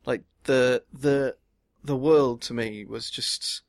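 A man's voice: mid-range voice, fairly even intonation, slow pace, creaky, dry recording, clean studio sound. A man co-hosting a podcast, talking hesitantly with many fillers. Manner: hesitant, lots of likes and ums. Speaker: podcast co-host. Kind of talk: casual chat.

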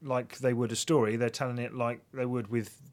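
Give me a man on a laid-back podcast, bantering with friends and chuckling between remarks. He speaks at a mid pitch. His delivery is conversational and offhand. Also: flat delivery, a little fast, a little mellow. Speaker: podcast co-host. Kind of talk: casual chat.

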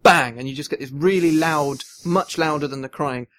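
A man's voice: a little high, normal speed, a bit bright. A young man chats casually on a podcast. He tells long, rambling stories and keeps restarting his sentences as he goes. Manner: rambling storyteller, many restarts and fillers. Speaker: podcast co-host. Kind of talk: casual chat.

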